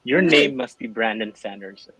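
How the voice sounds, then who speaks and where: A man reading cheesy pickup lines in a deadpan way, as a co-host in a casual online chat. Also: on the low side, normal speed, breathy edge, no echo, low-quality recording. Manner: deadpan delivery.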